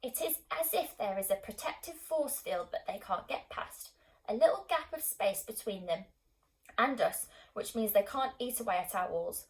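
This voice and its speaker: A woman reads a novel aloud as an audiobook, in calm, measured narration. Her pitch sits in an ordinary middle register for a woman, and she tells the story steadily and clearly. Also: low-quality recording. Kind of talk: scripted narration.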